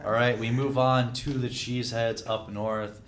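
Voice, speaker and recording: A young man hosting a casual mock draft, brisk and teasing. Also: mid-range voice, flat delivery. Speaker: draft host. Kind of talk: casual group chat.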